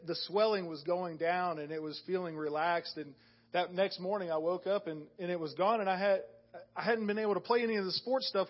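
A man sharing an earnest, halting testimony with a church congregation, in a casual spoken way with restarts. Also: high-pitched, lo-fi sound.

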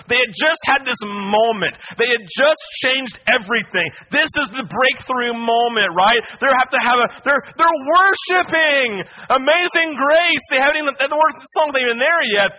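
A young male pastor preaches in an animated, storytelling way and keeps checking in with his listeners. His voice sits high for a man. The recording sounds dull and lo-fi. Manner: animated storytelling with asides like "right?". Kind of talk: sermon. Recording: dull lo-fi audio.

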